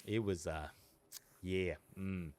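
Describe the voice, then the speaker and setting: A man co-hosts a casual sports podcast, talking loosely and animatedly with slang and frequent laughs. His voice sits low and a little mellow, with a steady tone and slow delivery, plus a little hiss or hum.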